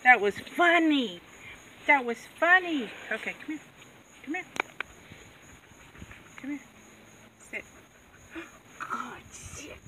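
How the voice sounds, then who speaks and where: A woman's voice: high voice, expressive, slow, long pauses. A woman chatting casually in a farm vlog, laughing often and coaxing her animals. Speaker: goat farmer vlogger. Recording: distant outdoor mic, background noise.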